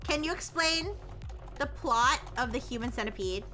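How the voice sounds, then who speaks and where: Giggly high-voiced woman streamer. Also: normal speed, faint music behind. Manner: giggly, excitable, restless restarts. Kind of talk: casual live stream chat.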